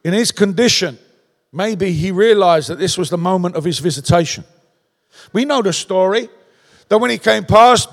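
A man's voice: high-pitched, lively intonation, moderate pace, long reverb tail. A man preaching a sermon in a conversational way, tossing out rhetorical questions in a large church.

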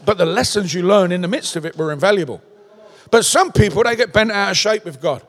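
A man's voice: high-pitched, a little fast, in a large hall. A man preaching a sermon in a conversational way, tossing out rhetorical questions in a large church.

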